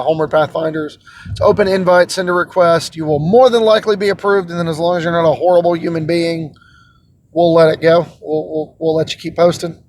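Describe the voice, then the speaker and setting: High-voiced man chatting in a car. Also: slight background noise. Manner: relaxed, rambling, self-deprecating. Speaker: host. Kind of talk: casual vlog chat. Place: inside a car.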